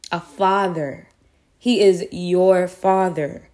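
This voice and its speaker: Woman, devotional podcast host, earnest, repeats lines for emphasis, a little low-pitched. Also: fairly even intonation, slow, a little mellow.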